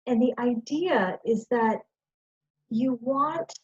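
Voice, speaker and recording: A woman's voice: a little high, takes it slowly, a little mellow, breathy edge. Woman presenter on dull lo-fi audio. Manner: conversational, self-deprecating, acts out her own inner voice. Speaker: workshop presenter. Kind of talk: informal educational talk on stress.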